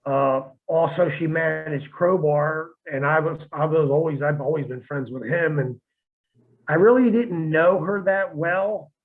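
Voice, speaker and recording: A former wrestler on a podcast, talking in a blunt, profane, rambling way with many restarts. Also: male voice, a little high, unhurried. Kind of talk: casual podcast chat. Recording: tinny phone-like line.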